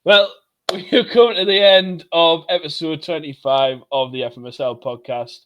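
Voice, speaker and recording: A man's voice: on the high side, fairly even intonation, unhurried, fairly bright tone. A man hosting a podcast, wrapping up with rambling, jokey repeated thanks. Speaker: podcast host. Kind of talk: casual chat.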